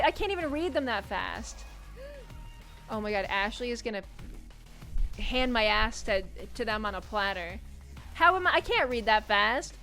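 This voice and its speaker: An American woman streaming a game, reading the text aloud and breaking into loud, swearing outbursts. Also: fairly high pitch, animated, normal speed, soft background music. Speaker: streamer playing a dating sim.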